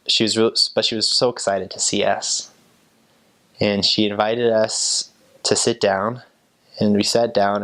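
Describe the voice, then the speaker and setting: Young man, from the US, gravelly, flat delivery, relaxed storytelling. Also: lowish voice. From United States. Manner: relaxed, rambling with restarts. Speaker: returned missionary. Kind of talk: casual storytelling.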